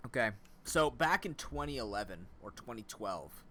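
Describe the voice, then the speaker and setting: A man streaming a video game, talking in a rambling, animated, self-mocking way. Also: mid-range voice, normal speed, a little hiss or hum. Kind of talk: casual let's-play commentary.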